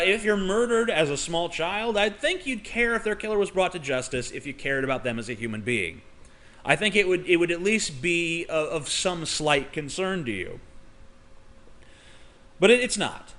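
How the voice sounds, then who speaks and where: Bright-voiced man ranting profanely. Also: high voice. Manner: profane, heated, argumentative, stammering restarts. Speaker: vlogger. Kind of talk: casual ranting vlog.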